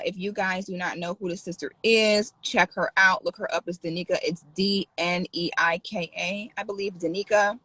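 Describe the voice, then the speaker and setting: A woman talking in a casual livestream vlog, animated and sassy. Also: mid-range voice, no echo, low-quality recording. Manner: animated, sassy, exaggerated outbursts. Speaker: vlogger.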